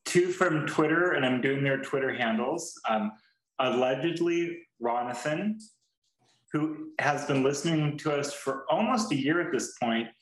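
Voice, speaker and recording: A man's voice: mid-range voice, animated, a little slow. A man co-hosting a podcast, talking casually in a rambling way with lots of restarts and free swearing. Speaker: podcast co-host. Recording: roomy echo.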